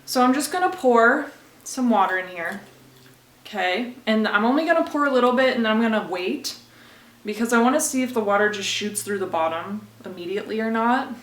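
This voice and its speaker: A woman's voice: on the high side, brisk. A woman vlogger giving a casual how-to demonstration at home, chatty and conversational, with asides to the viewer. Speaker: plant care vlogger. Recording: roomy echo.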